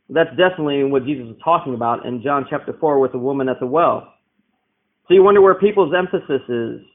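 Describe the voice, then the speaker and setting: A man preaching a Bible-teaching sermon, explaining verses and asking rhetorical questions. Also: fairly high pitch. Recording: tinny phone-like sound.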